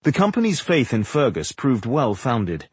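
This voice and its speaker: A man narrating a fantasy audiobook in a measured, expressive storytelling manner. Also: mid-range voice, breathy edge, dry recording. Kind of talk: scripted narration.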